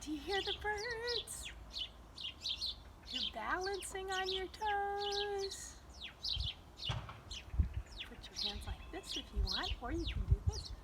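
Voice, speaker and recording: A woman leading a yoga lesson for young children outdoors, gentle and coaxing with playful animal sounds. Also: very high-pitched, big pitch swings, slow pace, pauses often, very noisy. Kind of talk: sing-song kids' yoga lesson. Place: outdoors in a yard with birdsong. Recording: outdoor recording with loud birds. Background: loud birdsong.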